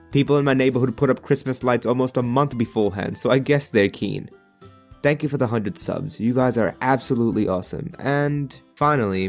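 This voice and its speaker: Joking Australian man narrating a story. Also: mid-range voice. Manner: jokey, expressive, exasperated rants. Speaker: animated storyteller.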